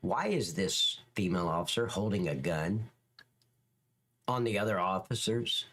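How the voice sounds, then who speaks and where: A man's voice: deep voice, expressive, normal speed, a bit bright. A man hosting a livestream, giving blunt, profane, opinionated reaction commentary on police footage.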